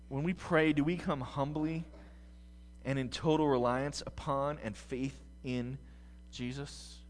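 A man from the United States preaching a sermon as pastor, swinging from quiet musing to loud, fervent passages. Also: mid-range voice, steady tone, unhurried, long reverb tail.

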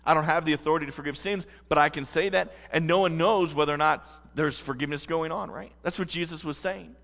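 A man's voice: fairly high pitch, steady tone, quick pace, vocal fry, fairly bright tone, long reverb tail. A man preaching a sermon as pastor, earnest and emphatic.

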